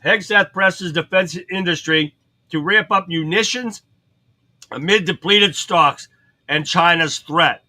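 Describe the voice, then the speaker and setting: A man's voice: sits high, takes it slowly, sharp tone, poor audio. A man hosting a political livestream, reading headlines aloud and ranting about them in a blunt, profane way, answering viewers as he goes. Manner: reads headlines then comments, chats with viewers. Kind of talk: casual commentary reading headlines.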